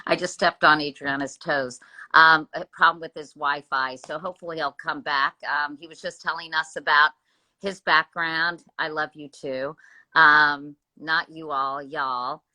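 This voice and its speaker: A woman hosting a casual live-streamed interview, chatty and quick to apologize for interrupting. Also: sits low, bright, forceful tone, low-quality recording. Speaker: host. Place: home room with Christmas tree.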